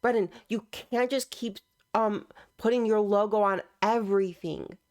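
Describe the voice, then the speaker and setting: A young woman giving casual, teasing reaction commentary on online clips, sarcastic and quick to laugh. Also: mid-range voice, fairly even intonation, darkish tone.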